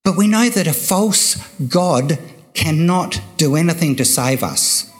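An older man preaching a sermon, slow and emphatic, repeating key phrases for weight. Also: fairly high pitch, lively intonation.

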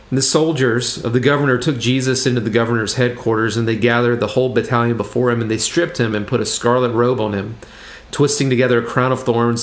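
A man, a pastor, giving an evening sermon, reading scripture aloud and explaining it in a measured way, with halting restarts. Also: medium pitch.

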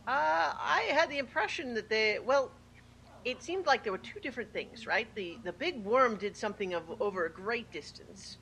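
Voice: medium pitch, animated, normal speed, pushed and bright, a little hiss or hum, poor audio. A player in a tabletop game who plans the group's next move and stops often to search for words. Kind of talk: tabletop game planning chat.

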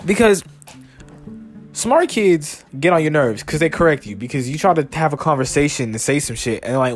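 Over soft background music, a young podcast host with a slightly high voice rants brisk and animated, swearing a lot for comedic effect. He mocks people by quoting them in a raised voice.

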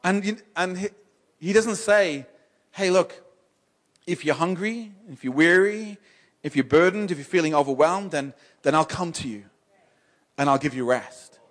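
A man preaching a sermon in church, emphatic and repetitive, stammering on restarts and swinging between loud exhortation and soft, slow moments. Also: on the high side. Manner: emphatic, repeats and builds phrases, stammers on restarts.

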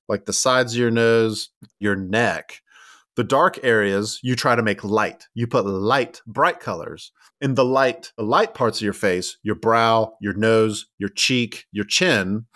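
A man's voice: medium pitch, a bit bright, no echo, studio quality. A man co-hosting a casual history podcast, rambling with many fillers and restarts. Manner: rambling, lots of "like" and restarts, laughs at ironies. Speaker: podcast co-host.

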